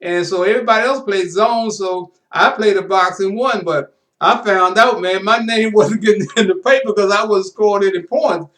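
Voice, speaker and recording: A man's voice: sits high, normal speed, fairly bright tone. Folksy male sports show host. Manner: folksy, often says "man". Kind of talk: casual interview chat.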